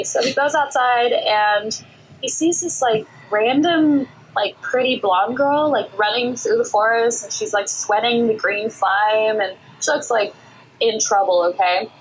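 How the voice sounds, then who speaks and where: A young woman co-hosting a podcast, retelling a film in a casual, giggly way full of "like" and quick asides. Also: fairly high pitch, slight background noise, poor audio. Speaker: podcast co-host. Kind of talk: casual chat recapping a film.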